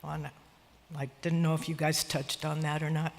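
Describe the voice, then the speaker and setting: A woman's voice: low voice, flat delivery, normal speed. An older woman speaking at her sister's memorial, emotional and laughing through tears as she shares memories and reads a poem. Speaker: sister of the deceased giving a eulogy. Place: church sanctuary. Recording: long church-hall reverb.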